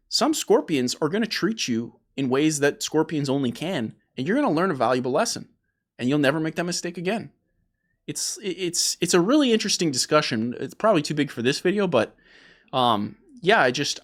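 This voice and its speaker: Animated, emphatic man talking games. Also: a little high. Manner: emphatic, animated, repeats words when starting a point. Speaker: host. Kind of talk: opinionated gaming discussion.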